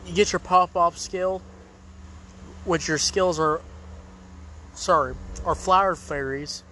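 High-voiced man ranting in exasperation. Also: takes it slowly, bright, forceful tone, slight background noise. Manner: exasperated, ranting, repetitive complaints. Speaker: podcast host and game reviewer. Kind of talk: ranting game review.

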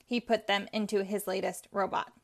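A polite, clunky old robot from a children's storybook, humble and formal, addressing his elders as sir, as a woman reading aloud puts him on. He sounds earnest and a little louder than the narration, and his pitch sits in the middle. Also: little pitch movement, moderate pace, lightly acted. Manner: deferential, formal.

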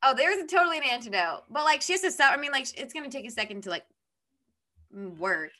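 A young woman co-hosting a casual book chat, retelling the plot in a relaxed way with many fillers. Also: high-pitched, fast talker, slight background noise.

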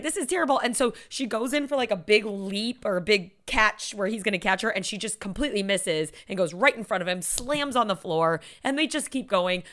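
A woman telling stories in a loose, lively way, jumping in and out of quoted voices. Her pitch sits in the middle for a woman. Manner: animated storytelling with laughs and acted quotes. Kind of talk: casual chat.

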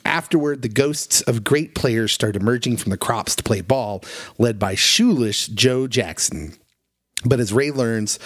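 A man's voice: lowish voice, no room sound, studio quality. A man co-hosting a podcast, earnestly retelling a story in casual chat with plenty of feeling. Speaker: podcast co-host.

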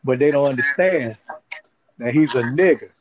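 A man's voice: medium pitch, normal speed, background noise. A man co-hosting a podcast in casual chat, speaking bluntly and in slang and often backing up his partner. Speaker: podcast co-host. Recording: dull lo-fi sound.

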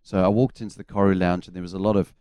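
A man with a New Zealand accent, a former cricketer on a radio show, telling relaxed anecdotes with fillers. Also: low voice, racing, smooth, no room sound. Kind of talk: casual radio chat.

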